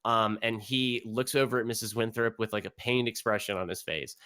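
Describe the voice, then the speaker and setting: A man's voice: lowish voice, fairly even intonation, fairly quick, bright, forceful tone. A man narrating a tabletop game as game master, rambling with many fillers.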